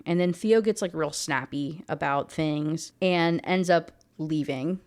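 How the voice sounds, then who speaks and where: A woman's voice: sits low, a little slow, few pauses, a little mellow. A woman giving a casual rant review of a book, rambling and heavy on fillers.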